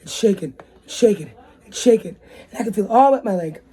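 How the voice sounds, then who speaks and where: Mellow-voiced woman chatting casually. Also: mid-range voice, animated, a little fast, husky. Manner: rambling, chatty, many fillers. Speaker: vlogger host. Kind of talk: casual vlog monologue. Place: bedroom indoors.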